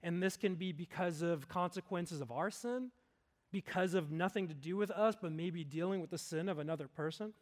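A man with a notably high voice delivers a sermon from the pulpit. He preaches earnestly, building to loud, emphatic peaks and then sinking low and slow for the weighty lines. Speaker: pastor.

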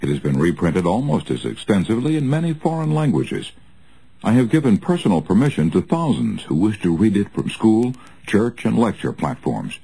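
A man reading a nonfiction audiobook aloud in an earnest, measured way with expressive rises. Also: on the low side, vocal fry, husky, no room sound, rough recording. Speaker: audiobook narrator.

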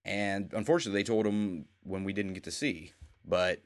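A man's voice: sits low, brisk. A man co-hosting a casual chat, rambling as he retells scenes and quotes the characters. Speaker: podcast co-host.

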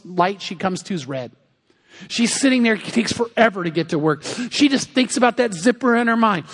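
A man's voice: high-pitched, fairly bright tone, slightly rough. A male pastor preaching a sermon, telling a story animatedly and acting out the characters' lines. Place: church sanctuary. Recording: long reverb of a church hall.

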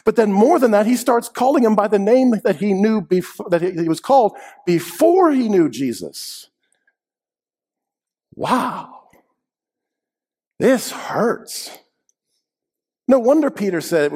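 A man preaching a sermon, swinging between loud emphatic lines and hushed quiet ones, with dry humorous asides. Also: high voice, husky.

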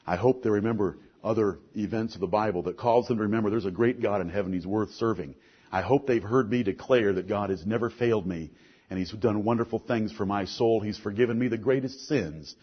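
A middle-aged man preaching a sermon, earnest, moving between soft asides and forceful lines. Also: fairly low pitch, a little fast, slightly rough, lo-fi sound.

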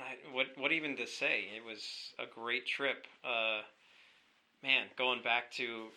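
Bright-voiced young male guest. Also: medium pitch. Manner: halting, filler-heavy reminiscing, blunt profanity. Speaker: podcast guest. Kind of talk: casual chat.

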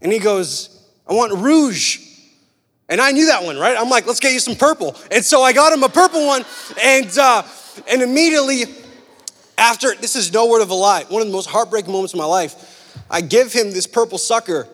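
High-voiced young preacher in a reverberant hall. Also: male voice, fairly quick. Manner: animated and casual, fillers like "right?" and "like". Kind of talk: sermon with personal story.

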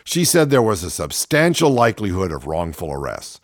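A man's voice: sits low, sing-song, a little fast, hardly any pauses, no echo, clean studio sound. A man hosting a comic radio talk show, reading news items and telling stories with sardonic, mocking commentary.

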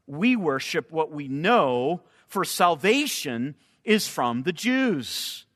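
A man preaching a sermon, slow and emphatic, sometimes repeating words as he searches for the next phrase. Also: high-pitched, a bit bright. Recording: long hall reverb.

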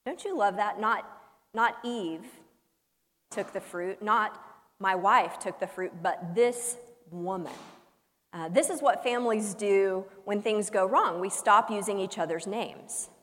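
A woman pastor delivering a sermon as a humorous story, with dramatic pauses and shifts between loud emphasis and hushed soft lines. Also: medium pitch. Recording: long reverb of a large hall.

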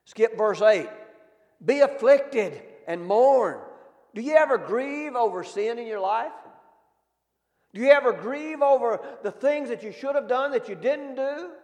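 High-voiced man preaching. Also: expressive, a little slow, a little mellow. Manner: folksy, calls out questions to the congregation. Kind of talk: sermon. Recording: long reverb of a hall.

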